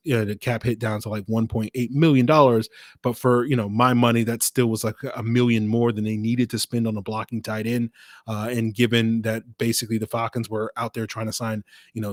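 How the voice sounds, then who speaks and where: A man hosts a solo sports podcast at a middle pitch, recorded close on a podcast mic in a dead, dry space. He talks it through casually, with lots of "you know" and "um," and slips in dry sarcasm now and then. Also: dry recording. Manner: conversational, many fillers, dry sarcasm. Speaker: podcast host.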